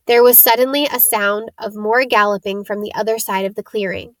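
A woman reading a children's novel aloud as an audiobook narrator, in a steady, expressive storybook style. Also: mid-range voice, brisk, dry recording, rough recording.

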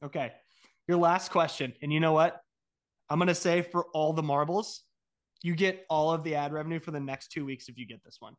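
A man's voice: fairly high pitch, steady tone, brisk. A man co-hosting a casual podcast, teasing his friend with trivia and laughing often. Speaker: podcast co-host asking trivia. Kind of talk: casual chat.

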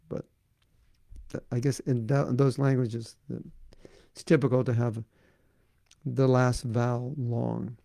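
A man teaching and answering listeners' questions in a devotional talk, speaking in a conversational, gently coaxing way. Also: medium pitch, level tone, a little slow, creaky, pauses often, no echo, clean studio sound. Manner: conversational, gently coaxing, frequent "you know".

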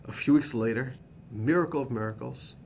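A man, a rabbi teaching a class, telling a story with animated emphasis and repeated phrases. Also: medium pitch, brisk, gravelly, dull audio, slight background noise. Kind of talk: storytelling lesson.

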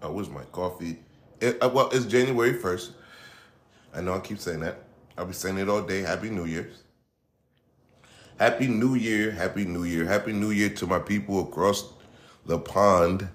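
At normal speed and in a low-pitched voice, a middle-aged man delivers a casual solo monologue on the podcast he hosts. He rambles loosely with profanity, restarting sentences and going off on asides.

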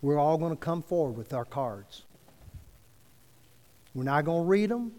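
Lively high-voiced preacher in reverberant church. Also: male voice. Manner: earnest, preacherly rises and drops, slow emphatic phrasing. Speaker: pastor. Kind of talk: sermon. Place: church sanctuary. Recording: long reverb of a church hall.

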